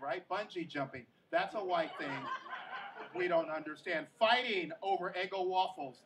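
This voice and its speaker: A young stand-up comedian from Kansas works the crowd with animated, crowd-teasing delivery. His voice sits notably high for a man. He is caught from some distance on stage, with faint room ambience behind him. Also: background noise. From Kansas, USA.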